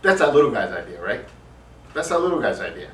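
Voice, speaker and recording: A man's voice: medium pitch, big pitch swings, quick pace, slight background noise, close to an everyday voice. A man playing a vain, touchy football receiver. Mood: defensive. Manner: defensive, rambling, swears. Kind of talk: amateur spoof acting. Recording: echoey room, distant mic.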